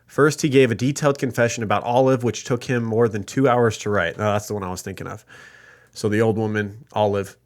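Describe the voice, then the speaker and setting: A man's voice: lowish voice, fairly even intonation, a little fast. A man co-hosting a true crime podcast, retelling a case from notes with jokey asides. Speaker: podcast co-host.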